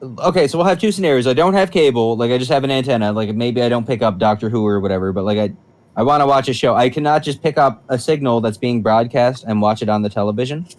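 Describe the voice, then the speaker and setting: A man's voice: mid-range voice, fast. Rambling young man in casual chat. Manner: rambling, filler-heavy explaining. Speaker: podcast co-host.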